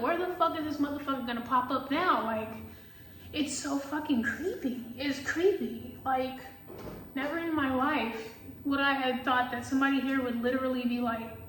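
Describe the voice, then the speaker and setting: A woman who reads tarot, telling a story in casual vlog chat, animated and full of filler words and swearing. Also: high voice, reverberant, distant mic, slight background noise, rough recording. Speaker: tarot reader.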